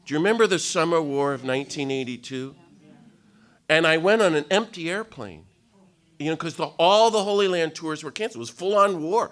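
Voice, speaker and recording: A man in his fifties giving a storytelling talk to an audience at a retreat day, animated and self-mocking with humor. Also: a little high, a little fast. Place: meeting room with live audience.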